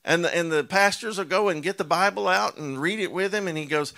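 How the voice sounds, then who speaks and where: A man preaching with a sharp, somewhat high voice. He leans hard on key words and stretches them out, firing rhetorical questions at his listeners. His delivery is animated and emphatic throughout. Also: a little fast, gravelly, few pauses. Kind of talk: sermon.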